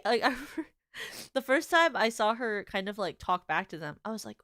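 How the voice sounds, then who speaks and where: Rambling young woman streamer, smooth voice. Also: fairly high pitch, a little fast, dry recording, studio quality. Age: young adult. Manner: rambling, lots of filler words and restarts; animated, giggly storytelling. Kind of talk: casual chat.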